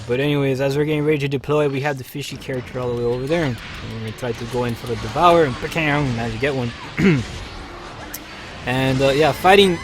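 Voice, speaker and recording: Chatty man commenting on gameplay. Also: mid-range voice. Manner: chatty and excitable, bursts of loud cheering and laughter. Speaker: live-stream host playing a game. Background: game music.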